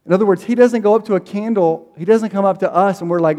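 A male pastor with a high voice preaches in a loose, conversational way, slipping into voices for prayers and quotes. His voice rings with the long reverb of a big room. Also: quick pace, hardly any pauses, warm tone. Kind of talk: sermon.

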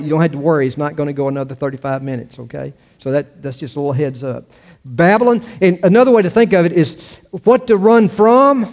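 A pastor giving a sermon, reading scripture with emphatic rises and then talking to the congregation with easy fillers. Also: male voice, a little high, mellow, long reverb tail.

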